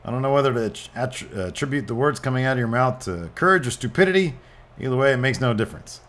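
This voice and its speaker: A man's voice: medium pitch, lively intonation, fast talker, fairly bright tone, natural voice. A man voicing a proud male wrestler who speaks earnestly and formally in a promo, read out over gameplay.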